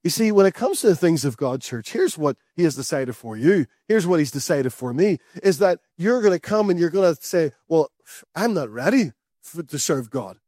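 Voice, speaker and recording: A man's voice: on the high side, expressive, fairly quick, few pauses, dark tone, dry recording, studio quality. A man preaching a sermon to a church, earnest and conversational, repeating his key phrases.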